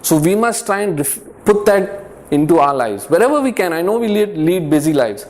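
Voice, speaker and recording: Man, a little high-voiced, earnest, conversational, repeats himself, light humor. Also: expressive, normal speed, darkish tone. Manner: repeats words and checks in with "yeah?" and "right?". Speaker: youth group speaker. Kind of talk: informal faith talk to a youth group.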